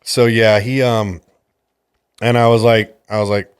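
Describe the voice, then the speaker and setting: A man's voice: fairly low pitch, little pitch movement, measured pace, clear, resonant tone, no echo. A man hosting a podcast, a jiu-jitsu coach telling a story in a casual, exasperated and profane way.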